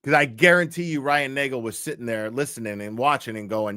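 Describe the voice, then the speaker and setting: Foul-mouthed guy ranting over clips, dry close mic, mid pitch. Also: brisk, sharp tone, no echo. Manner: blunt, crude, swearing often. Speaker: commentary streamer. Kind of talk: profane casual commentary over video clips.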